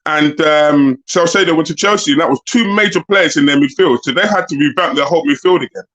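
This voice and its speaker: A man's voice: fairly high pitch, fast, fairly bright tone. A man explaining his views emphatically as a panelist, heard over a dull lo-fi remote mic. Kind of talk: casual chat.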